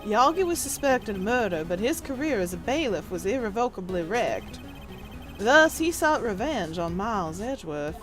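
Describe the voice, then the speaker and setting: Woman playing a grave, pompous older gentleman lawyer; measured and deliberate, game read-along. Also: medium pitch, big pitch swings, faint music behind, pitched below the performer's own voice, natural voice. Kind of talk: reading game dialogue aloud.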